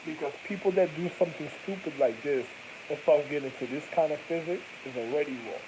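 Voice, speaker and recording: A man's voice: fairly high pitch, fast, background noise. A man rambling through a casual monologue, profane and slangy, jumping from one thought to the next.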